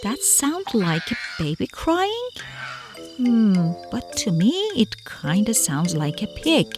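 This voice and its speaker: A woman's voice: mid-range voice, slow pace. A young woman voicing a friendly, curious cartoon guide who coaxes a child along, talking straight to the viewer. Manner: animated, coaxing, speaks straight to the viewer. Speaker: cartoon voice actor. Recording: clear music underneath.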